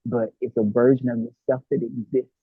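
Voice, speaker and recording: A man's voice: mid-range voice, little pitch movement, moderate pace, breathy edge, no room sound. A man from Los Angeles, talking casually as a guest and animatedly acting out his own inner dialogue. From Los Angeles, United States. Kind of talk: casual conversation about self-love. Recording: tinny phone-like line, dry.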